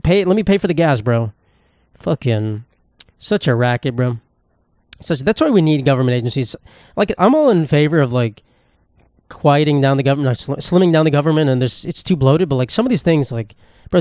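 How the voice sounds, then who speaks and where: A man's voice: a little high, a little mellow, no room sound, clean studio sound. A young man, hosting a solo comedy podcast in a profane, sarcastic, rambling rant. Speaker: podcast host.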